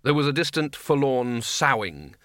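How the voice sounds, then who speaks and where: A man reading a comic fantasy novel aloud as an expressive, playful narrator. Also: mid-range voice, moderate pace, dry recording, clean studio sound. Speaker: audiobook narrator. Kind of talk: scripted narration.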